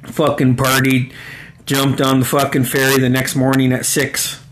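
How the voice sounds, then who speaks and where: A man's voice: medium pitch, monotone, normal speed. A man in his forties telling rambling personal stories in a casual, profane way, with chuckles between lines. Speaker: storyteller. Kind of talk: casual spoken storytelling.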